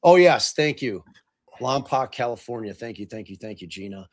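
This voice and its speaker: A man's voice: mid-range voice, lively intonation, moderate pace. A man hosting a podcast in casual chat, rambling with lots of swearing, fillers and restarts. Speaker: podcast host.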